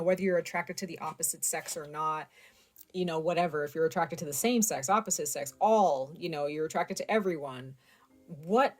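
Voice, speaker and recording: Woman tarot reader, casual and direct, low voice, faint background music. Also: darkish tone. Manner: chatty, speaks straight to viewers with many fillers. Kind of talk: casual tarot reading to camera.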